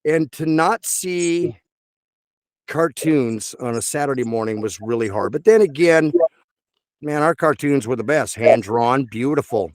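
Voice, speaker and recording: Rambling, animated voice actor. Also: male voice, mid-range voice, unhurried, no echo. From Texas. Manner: rambling, animated, full of fillers. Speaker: voice actor guest. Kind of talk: casual interview chat.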